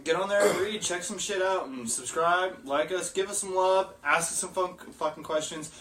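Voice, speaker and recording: A man's voice: high voice, normal speed, far from the mic. Swearing young guy, echoey and off-mic. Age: 20s. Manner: profane, loose and excitable. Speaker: podcast co-host. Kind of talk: casual live-stream chat. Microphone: phone recording. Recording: roomy echo, a bit off-mic.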